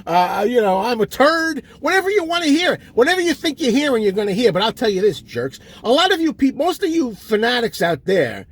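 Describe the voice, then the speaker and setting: Husky, very high-voiced man on a comic rant, exasperated and insulting, pitch leaping all over. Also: big pitch swings, fast, hardly any pauses. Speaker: comic ranting host. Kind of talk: comedic rant.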